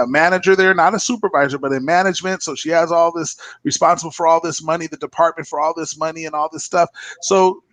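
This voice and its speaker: A man's voice: a little high, no echo. A man who runs a company, chatting on a talk show and acting out the voices of people in his story. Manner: animated, acts out quoted voices. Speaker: company president.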